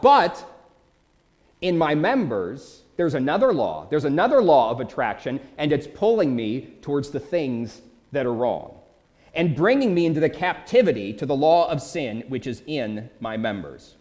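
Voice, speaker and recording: Animated preacher man, lively pitch. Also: normal speed. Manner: animated preaching with dramatic quoted outbursts. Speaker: pastor. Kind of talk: sermon.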